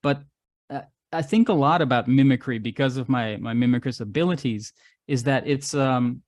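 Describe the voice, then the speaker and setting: A man's voice: medium pitch, normal speed, darkish tone, dry recording. A man talking at length in casual conversation, telling stories and musing philosophically. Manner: expansive, philosophical storytelling. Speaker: regular podcast guest, artist and musician.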